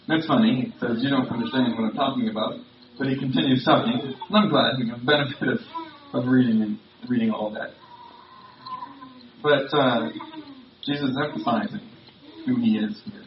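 A male pastor delivers a sermon in a plain, conversational way, leaning into key points with emphasis. His voice sits at an ordinary pitch and carries the echo of a large room. It sounds dull and distant, picked up from well away from the mic, with faint noise behind. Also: expressive, moderate pace, long pauses.

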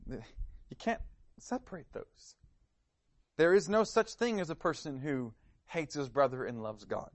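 A man's voice: mid-range voice, no room sound. Male preacher, earnest sermon delivery, probing questions, dry sound. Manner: earnest, searching questions, some stammered repeats.

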